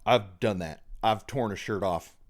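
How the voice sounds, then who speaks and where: A man co-hosting a true crime podcast, telling the story in a casual, animated and exaggerated way. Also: lowish voice, a little slow. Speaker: podcast co-host. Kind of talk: casual chat.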